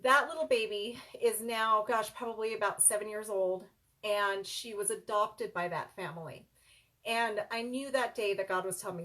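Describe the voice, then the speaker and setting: A woman's voice: mid-range voice, normal speed, sharp tone. A middle-aged woman, a child care business coach and center owner, earnestly telling a personal story straight to her viewers, calling them "you guys.".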